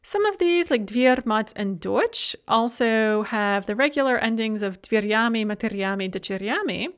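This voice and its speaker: A woman's voice: on the high side, lively intonation, normal speed. Methodical woman teaching grammar. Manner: clear, methodical, reads example word pairs aloud. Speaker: language teacher. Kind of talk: grammar lesson with spoken examples.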